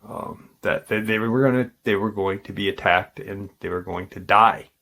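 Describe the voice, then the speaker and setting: A man hosting a paranormal channel, casually retelling a witness's encounter in a halting way, with frequent ums and restarts. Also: lowish voice, creaky, a bit bright.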